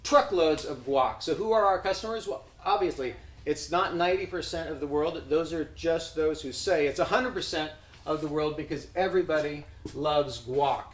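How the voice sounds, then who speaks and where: A man improvising a comic business pitch, hesitant and full of fillers, often chuckling at himself. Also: moderate pace. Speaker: pitch presenter. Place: event room. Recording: echoey room with background noise.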